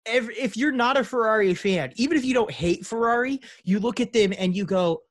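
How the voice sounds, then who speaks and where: A man's voice: very high voice, fairly quick, no echo. A man co-hosting a casual podcast chat, laughing often and reading quotes aloud with rambling asides. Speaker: podcast co-host.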